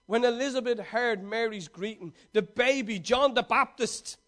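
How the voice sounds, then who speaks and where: A man preaching a sermon, reading scripture aloud and then retelling it with swings between loud emphasis and quiet asides. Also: very high-pitched, normal speed.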